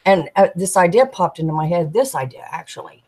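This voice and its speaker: A woman, a tarot deck artist, chatting as a guest and telling animated stories, acting out the people she quotes. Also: fairly low pitch, brisk, husky, poor audio. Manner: animated storyteller, giggly, acts out quoted voices. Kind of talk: casual storytelling chat.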